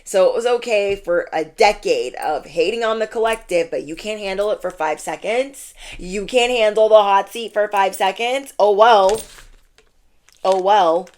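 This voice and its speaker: A woman's voice: mid-range voice, normal speed, hardly any pauses, a little mellow. A woman giving a channeled tarot reading, talking casually and bluntly and repeating her points for emphasis. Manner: emphatic and repetitive, lots of "like". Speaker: tarot reader.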